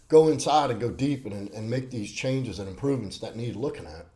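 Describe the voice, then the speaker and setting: Male host, blunt self-help coach, mellow tone, repeats himself for emphasis. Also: mid-range voice. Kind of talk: self-help talk to camera.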